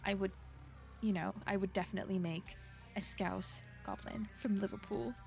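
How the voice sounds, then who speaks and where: A woman's voice: mid-range voice, steady tone, moderate pace, gravelly, a little mellow, faint music behind. A woman player chatting casually on a live role-play stream, giggling and often trailing off mid-sentence. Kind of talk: casual out-of-character chat. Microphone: streaming mic.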